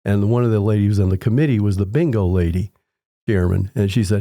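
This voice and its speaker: A man in his sixties, a home inspector appearing as a podcast guest, speaks fairly quickly in a mellow, lowish voice. In a casual interview he rambles through long anecdotes with frequent restarts, acting out the people he quotes in raised voices. The recording is studio quality with no room sound.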